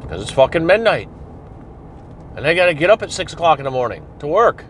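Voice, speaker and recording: A man's voice: a little high, big pitch swings, a little fast, a little hiss or hum. Blunt, profane man telling a story. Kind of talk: casual storytelling monologue.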